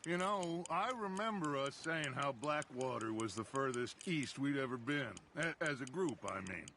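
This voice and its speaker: A wistful, bright-voiced outlaw. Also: male voice, mid-range voice, animated, moderate pace, slight background noise. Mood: reflective. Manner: thoughtful, reflective. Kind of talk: video game dialogue.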